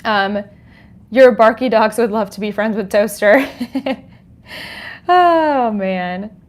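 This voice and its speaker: A woman's voice: mid-range voice, takes it slowly. A woman hosting a livestream from home, greeting viewers and reading their chat comments with frequent laughs. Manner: bubbly, laughs often, reads chat comments aloud. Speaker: podcast host on a livestream. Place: home, dog nearby. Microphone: desk microphone.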